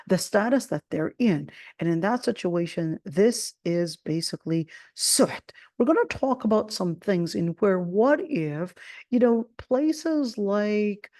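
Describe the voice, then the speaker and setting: A woman with an American accent teaching a religious lesson in a conversational way, often saying "of course" and growing animated as she tells a personal story. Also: on the low side, dry recording, clean studio sound. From Jordan. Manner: conversational, many "of course" fillers; animated when retelling the story. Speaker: Quran teacher.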